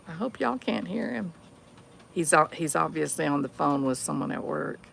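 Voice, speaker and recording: A woman chatting casually to viewers in an unhurried way while filming a morning vlog outdoors by the water. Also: deep voice, animated, creaky, fairly bright tone, slight background noise. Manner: chatty, unhurried, talks to viewers and to her dog. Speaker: vlogger.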